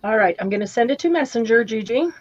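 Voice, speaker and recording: A woman's voice: a little high, lively intonation, quick pace, background noise. A woman hosting a casual craft livestream, chatting and reading out viewer comments. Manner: chatty, talks while eating. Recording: dull lo-fi stream audio.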